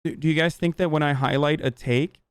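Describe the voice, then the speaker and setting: A man streaming live, ranting heatedly at his chat with lots of swearing and halting restarts. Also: a little high, steady tone, clear, resonant tone, no echo. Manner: profane, agitated, halting restarts.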